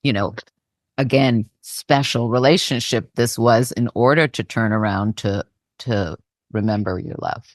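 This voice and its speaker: Podcast co-host, conversational, reflective, mid-pitched, dry sound. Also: a little slow, no room sound. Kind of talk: conversational spiritual podcast talk.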